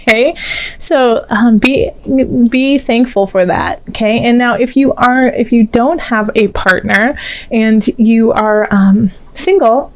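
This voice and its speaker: A woman's voice: fairly high pitch, highs cut off. A woman giving a casual tarot reading, chatty and full of fillers, often laughing as she talks. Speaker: tarot reader.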